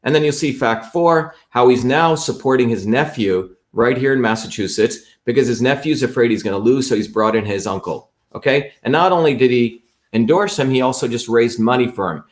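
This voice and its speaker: A man's voice: mid-range voice, normal speed, few pauses. A man hosting a live stream, talking emphatically and repeating his points as he walks viewers through a website. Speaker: host.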